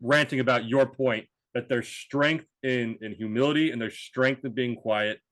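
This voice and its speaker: A man's voice: mid-range voice, steady tone, moderate pace, a bit bright, no echo. A man co-hosting a podcast, telling a story in a rambling, casual way with restarts and swearing. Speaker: podcast co-host. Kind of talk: casual chat.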